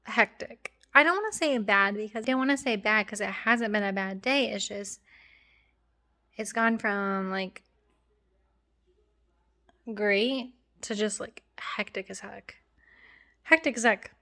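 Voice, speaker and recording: A young woman chats casually to camera in a rambling, filler-heavy way, often restarting her sentences. Her voice sits at an ordinary middle pitch. A runny nose makes her sound a little congested. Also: a little slow, long pauses, bright, forceful tone. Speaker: vlogger.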